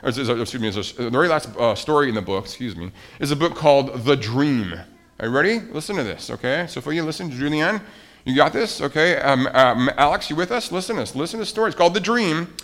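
A man's voice: medium pitch, expressive, fast, a bit bright. A man preaching as pastor in a children's sermon, coaxing the kids with questions and explanations.

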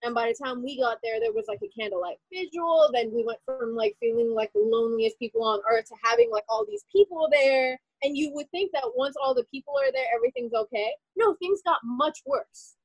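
A young woman telling a personal story in a casual, animated way, with many "like" fillers. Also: high voice, husky, no room sound, poor audio. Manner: animated, rapid, full of "like" fillers.

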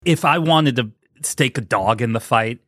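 A man's voice: mid-range voice, moderate pace, fairly bright tone, no room sound, studio quality. A man from Ohio hosting a casual podcast, jokey and laughing at his own bits. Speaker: podcast host. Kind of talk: casual chat.

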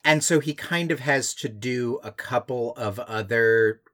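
A man co-hosts a casual film discussion, walking through a plot at an unhurried, reflective pace. His voice sits in the middle range, and he often pauses to search for the right words. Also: mid-range voice, a bit bright. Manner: thoughtful, hesitant explaining with fillers. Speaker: podcast co-host.

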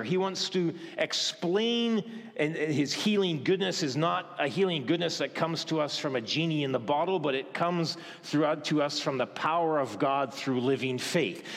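A male pastor preaching a sermon, asking the congregation questions and dropping to a hush for tender moments. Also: a little high. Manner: questioning, dramatic pauses, softens to a hush for gentle moments. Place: church. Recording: reverberant church hall.

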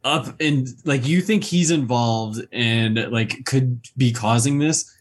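Male co-host, casual film chat, halting and filler-heavy, average pitch. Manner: hesitant, many fillers like "like" and "um".

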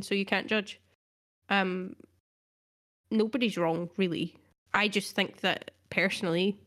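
A woman's voice: mid-range voice, fairly bright tone. A woman co-hosting a casual podcast chat, talking earnestly and laughing often. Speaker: podcast co-host.

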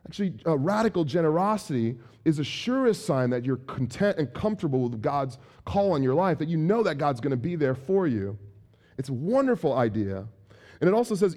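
A man preaching a conversational sermon, animated and acting out everyday examples. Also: on the high side, moderate pace. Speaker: pastor.

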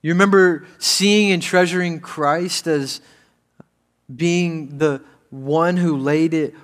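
A male pastor delivering a sermon in a church hall, his fairly high voice trailing off into a long reverb. He shifts from quiet scripture reading to raised, pressing appeals aimed at the room. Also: steady tone, slow. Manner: swings between quiet reading and raised urgent preaching.

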